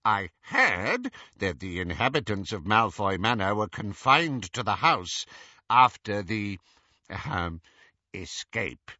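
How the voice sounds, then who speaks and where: A man doing a cool, formal dark wizard. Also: on the low side, sing-song, slow, dry recording, lo-fi sound, full character voice. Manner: cool, formal, faintly affronted. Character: tall cool sinister older wizard, aloof.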